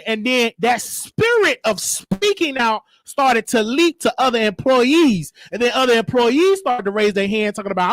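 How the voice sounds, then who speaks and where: A man hosting a show, telling a story and giving commentary in an animated, preachy way. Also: very high voice, creaky, no echo. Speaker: show host. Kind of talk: casual commentary monologue.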